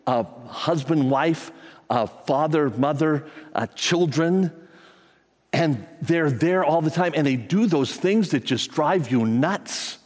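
A man with a slightly raised, husky voice, preaching to his congregation. He talks conversationally and breaks into animated retellings of scripture stories. His voice rings out with the long reverb of a large hall. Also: on the high side, slow pace. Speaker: pastor. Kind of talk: sermon.

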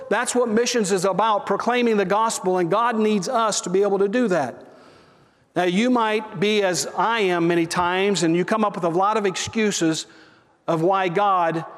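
A man's voice: high-pitched, in a large hall. A man preaching a sermon, telling a mission story earnestly and asking the congregation for agreement. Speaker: pastor.

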